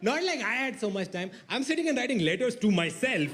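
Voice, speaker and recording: A young man from India doing a stand-up comedy set, telling a story with sudden shouted outbursts and mock voices. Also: very high voice, very animated, fairly quick, noisy background.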